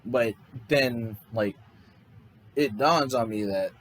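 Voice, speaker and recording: A man's voice: medium pitch, slow, a bit bright, slight background noise, poor audio. A man casually improvising a story, rambling loosely with lots of fillers and restarts. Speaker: fan storyteller.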